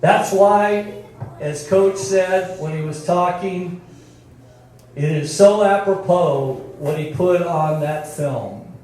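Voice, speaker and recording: A man's voice: high voice, slow, a little mellow, slight background noise. An older man, a former football coach, giving a folksy, storytelling speech at a team reunion. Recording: very echoey, from far off.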